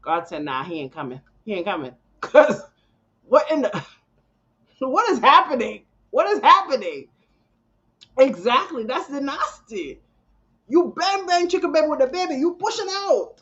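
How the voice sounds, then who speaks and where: A woman's voice: high-pitched, big pitch swings, measured pace, pauses often, fairly bright tone. A woman, reacting live to a clip with laughing, exclaiming, slangy asides. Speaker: reaction streamer. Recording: dull lo-fi audio.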